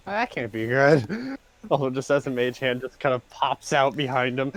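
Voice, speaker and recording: A man's voice: mid-range voice, animated, moderate pace, dry recording. A man playing a tabletop game, stammering through plans with laughing asides. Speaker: player.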